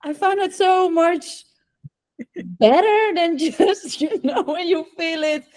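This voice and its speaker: Slow-talking, enthusiastic woman host. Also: extremely high pitch, expressive, a little mellow. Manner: enthusiastic, responds with repeated "wow" and laughter. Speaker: podcast host. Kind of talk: casual interview talk.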